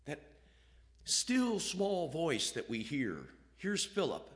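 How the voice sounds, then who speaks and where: Male preacher, animated sermon delivery, voice rising and falling widely, acts out dialogue. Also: fairly high pitch, takes it slowly. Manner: animated, acts out quoted voices, reads scripture aloud.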